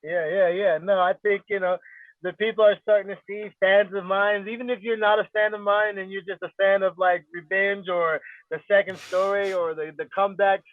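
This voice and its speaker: A man's voice: sits high, little pitch movement, moderate pace, no echo. Confident man on a tinny line. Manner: confident, rambling with frequent fillers. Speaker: guest fighter. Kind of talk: casual interview. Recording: tinny phone-like line, dry.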